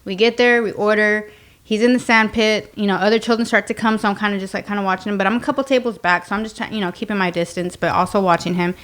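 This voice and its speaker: A woman hosting a podcast, telling a personal story in a candid, casual way, full of "like" and quick asides. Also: mid-range voice, fairly even intonation, fairly bright tone. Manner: candid, filler-heavy storytelling with lots of "like". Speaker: podcast host.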